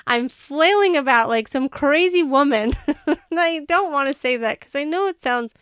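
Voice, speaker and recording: A woman co-hosting a podcast, telling a story in animated fashion, laughing and acting out her own panic. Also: sits high, measured pace, dry recording, studio quality. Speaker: podcast co-host. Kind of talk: casual storytelling chat.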